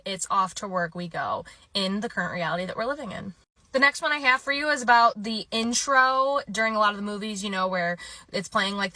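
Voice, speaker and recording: A woman talking straight to her viewers in an easy, conversational way, quizzing them as she goes. Her voice is bright and forward. The sound is dry and close, with almost no room around it. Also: medium pitch, dry recording. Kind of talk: casual explainer video.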